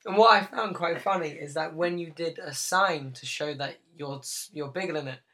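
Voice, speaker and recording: A man's voice: a little high, moderate pace, bright, forceful tone. A man hosting a casual chat, teasing his guest and laughing often. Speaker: podcast host.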